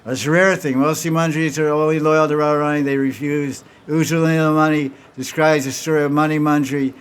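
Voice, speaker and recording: Man telling devotional stories, a touch high. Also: little pitch movement, quick pace, clear, resonant tone. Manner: acts out dialogue between characters in storytelling; frequent restarts and repeated words. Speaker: spiritual teacher. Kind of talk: devotional talk with questions.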